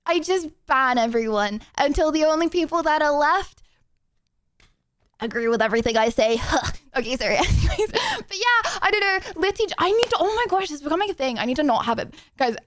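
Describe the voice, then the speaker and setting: A woman's voice: high voice, very animated, a little fast, dry recording. A young woman streaming, chatting casually with her audience, giggling and rambling with lots of ums. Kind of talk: casual live-stream chat.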